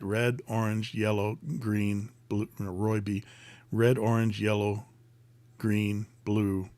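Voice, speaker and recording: A man's voice: lowish voice, a little mellow, no room sound. A man hosting a casual live stream, chatting and reading viewer comments aloud in a rambling way with many fillers.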